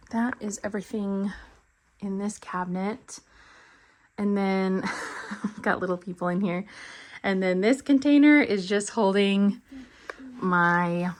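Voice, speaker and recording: A woman's voice: medium pitch, a bit bright. A woman vlogger giving a casual tour of her home craft room, chatty and a little out of breath. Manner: chatty, with frequent ums and trailing asides. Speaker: cross-stitch vlogger.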